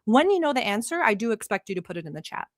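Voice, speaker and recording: A woman from the Middle East, speaking English as a later language, hosts a casual livestream and chats with her viewers in a teasing, talkative way. Her voice sits a little high and swings widely in pitch. The sound is dry and close, with no room echo. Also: very animated, rapid-fire. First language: not English. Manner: chatty, teasing, reading out viewer names. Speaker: livestream host reacting to videos.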